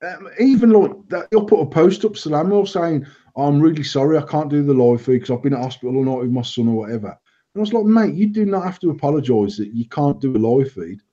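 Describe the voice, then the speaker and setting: This man's voice sits a little high and moves at a quick pace as he hosts a casual banter show, telling stories that are blunt, lively and full of swearing. He owns a vape company too, and the live stream audio is dull and lo-fi.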